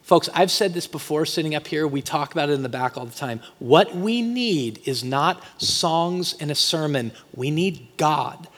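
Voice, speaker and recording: A man preaching a sermon as pastor, talking conversationally and swinging from quiet asides to loud, emphatic peaks. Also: fairly high pitch, expressive, normal speed, hardly any pauses. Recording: long hall reverb.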